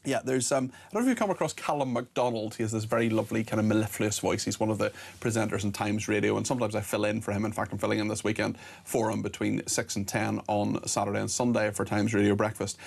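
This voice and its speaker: A man's voice: lowish voice, fairly even intonation, fast, gravelly, hardly any pauses, slightly rough. A man from Northern Ireland hosting a talk radio show, reading out listener messages with chatty asides.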